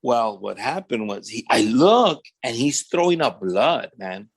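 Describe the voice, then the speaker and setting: A man with a Southern California accent shares his testimony as a casual story, acting out the voices in his quotes and leaning on fillers like "man" and "right?". His mid-range voice is sing-song, slightly rough, and a little slow.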